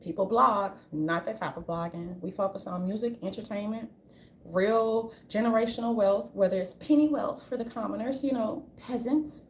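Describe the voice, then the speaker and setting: A woman giving an unscripted commentary rant, brash and profane, with a sassy, animated delivery. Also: mid-range voice, normal speed, slight background noise. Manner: brash, profane, sassy, repeatedly says "darling"; animated, jumps into mocking voices. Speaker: commentary vlogger.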